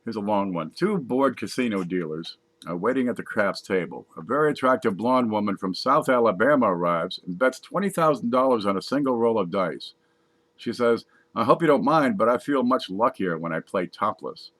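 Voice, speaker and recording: A man casually reading jokes aloud from a page, putting on higher voices for the punchlines. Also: expressive, normal speed, fairly bright tone. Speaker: joke reader.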